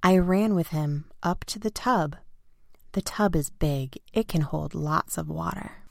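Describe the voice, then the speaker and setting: A woman reading a children's storybook aloud in the first person, simple and expressive. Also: low-pitched, a little slow, creaky, dry recording, studio quality. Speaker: narrator.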